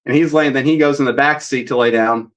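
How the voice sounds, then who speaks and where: A man's voice: medium pitch, fairly quick, rough recording. Male paranormal investigator guest, chatty and rambling, mid-range voice. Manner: rambling, animated, reenacts dialogue. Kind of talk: casual storytelling.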